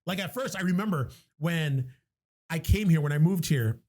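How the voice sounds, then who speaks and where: A man from New York whose first language is Spanish, co-hosting a podcast in casual, animated chat and swearing freely. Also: a little high, normal speed. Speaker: podcast co-host.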